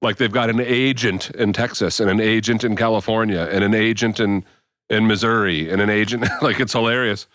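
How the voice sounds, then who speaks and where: A man's voice: on the low side, fairly even intonation, fairly quick, fairly bright tone, dry recording. A man co-hosting a podcast in casual chat, telling stories with an exasperated, ranting edge. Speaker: podcast co-host.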